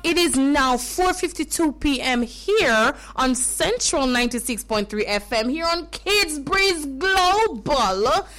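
A woman's voice: sits high, lively intonation, slow, hardly any pauses, fairly bright tone, soft background music. A woman with a Jamaican accent hosting a children's radio show, speaking to the kids in a caring, repetitive way and calling them fondly. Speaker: radio host.

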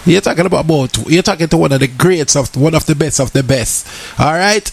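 Boastful Jamaican DJ, gravelly voice. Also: male voice, a little high, fairly quick. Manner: boastful, chanting, slips into singing. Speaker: party DJ. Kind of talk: party promo talk.

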